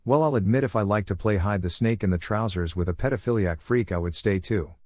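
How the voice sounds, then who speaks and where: A man's voice: on the low side, a little fast, darkish tone, dry recording, studio quality, close to an everyday voice. A man voicing a cocky, mocking teenage ninja boy in a fan-fiction audiobook. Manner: teasing, sing-song mockery.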